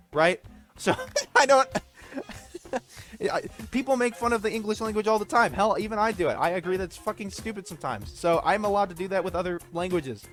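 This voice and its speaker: A man's voice: high-pitched, a bit bright. A man commenting over gameplay footage, ranting bluntly, swearing freely and explaining himself at length. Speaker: gaming video creator.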